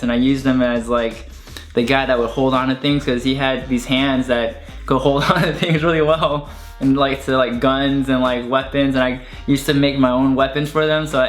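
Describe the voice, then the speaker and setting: A man's voice: medium pitch, fairly bright tone. A young man chatting casually and with enthusiasm about his childhood toys, rambling with lots of fillers. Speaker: online video creator. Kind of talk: casual chat showing toys. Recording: echoey room with faint music.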